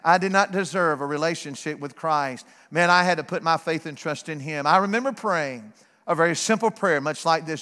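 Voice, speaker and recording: A middle-aged man preaching a sermon, fervent and repetitive, building to shouts. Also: on the high side, brisk. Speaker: guest preacher. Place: church sanctuary. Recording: long hall reverb.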